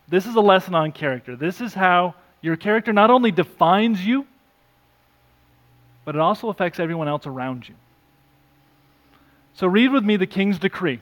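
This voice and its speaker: Man preaching an earnest sermon. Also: on the high side. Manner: earnest preaching, rising for emphasis then dropping soft; self-deprecating asides. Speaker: pastor.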